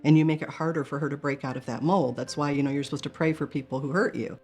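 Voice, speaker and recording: A woman's voice: low-pitched, steady tone, fast, darkish tone, soft background music. A woman telling her near-death experience in an interview, earnest and emotional, often quoting others in her own voice. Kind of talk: personal storytelling.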